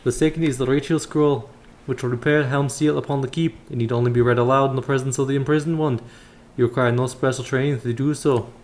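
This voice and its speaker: A man voicing a calm, fatherly older monk elder who calls the listener child, reading in his everyday voice. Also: mid-range voice, fast talker, natural voice. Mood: instructive.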